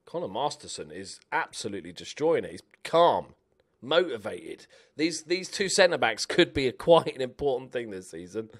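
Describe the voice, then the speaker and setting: A young man giving chatty, animated commentary while playing a game, cheering on his players. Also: medium pitch, moderate pace. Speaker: gaming YouTuber. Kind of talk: casual let's-play commentary.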